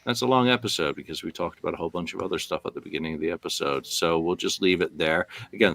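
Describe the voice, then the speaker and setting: Low-pitched guy hosting a podcast, laid back, lots of ums and jokey asides. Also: dry recording. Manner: relaxed, joking asides, filler-heavy. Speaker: podcast host. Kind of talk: casual podcast chat.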